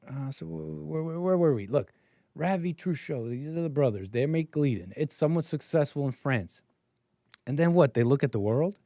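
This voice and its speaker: A man's voice: medium pitch, gravelly, dark tone, dry recording, clean studio sound. A man hosting a call-in show, delivering a rambling, stop-start commentary monologue as he thinks aloud and mutters asides.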